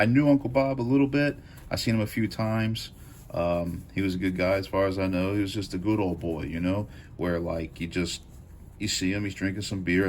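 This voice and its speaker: A man's voice: sits low, slight background noise. A man hosting a knife channel, telling a loose, profane story to the camera, full of fillers and asides.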